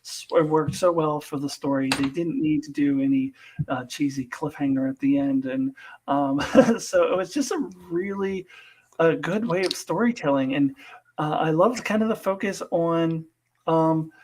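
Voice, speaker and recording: A man chatting casually about a TV episode, enthusiastic and quick to laugh, often restarting his sentences. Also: a little high, a little mellow, a little hiss or hum, rough recording. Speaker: co-host of a TV discussion. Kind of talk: casual chat reviewing a TV episode.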